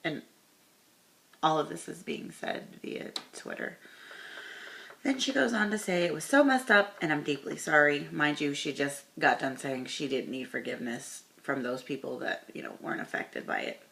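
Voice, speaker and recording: A woman's voice: sits low, normal speed, gravelly, a bit bright. A woman talking straight to camera in a casual commentary vlog, stopping herself to correct course, then reading posts aloud. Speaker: commentary vlogger.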